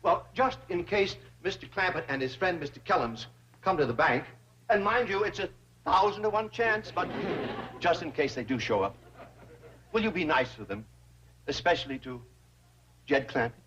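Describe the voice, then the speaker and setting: An actor playing a fussy, scheming older banker who talks in pompous, flowery phrases in a sitcom. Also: male voice, a little high, animated, normal speed, a bit bright. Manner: pompous and flowery, then pleading. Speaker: bank president. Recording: dull old TV audio with hiss.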